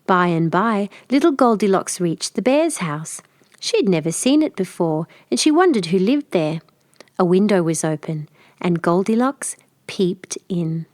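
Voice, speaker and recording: A woman narrates a fairy tale in a clear, measured storytelling voice at an even, mid pitch. Her reading is steady and easy to follow. The sound is close and dry, with no room around it. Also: no echo.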